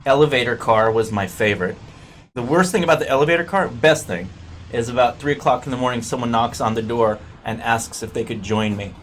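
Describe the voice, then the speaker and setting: A man who does comedy and acting, chatting as a guest in a casual interview with deadpan jokes. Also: medium pitch, a little fast, a little hiss or hum. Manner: deadpan joking, playful asides. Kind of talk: casual comic interview chat.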